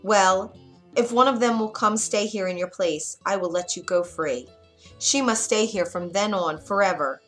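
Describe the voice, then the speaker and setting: This is a huge, fearsome male beast in a storybook, roaring and stern, played by a woman reading aloud. His lines come louder and slower than the narration. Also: medium pitch, faint music behind, close to an everyday voice.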